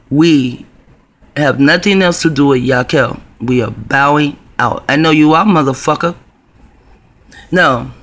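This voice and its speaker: A man's voice: fairly high pitch, a bit bright. A man telling a personal story to camera in a rambling, profane, conspiratorial way. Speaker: video blogger.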